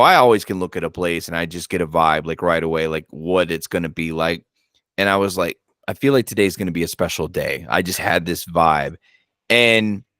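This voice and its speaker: A man hosting a paranormal channel, chatting casually and telling animated stories, swearing and acting out his own reactions. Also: sits low, smooth, dry recording, clean studio sound. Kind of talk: casual chat.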